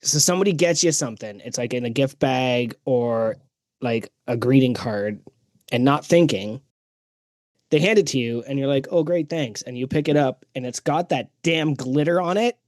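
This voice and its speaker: An animated podcast co-host who rants his way through exaggerated stories. His voice is mid-pitched, and the recording is dry and close-miked. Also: moderate pace, dry recording. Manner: animated, ranting storyteller. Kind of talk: casual chat.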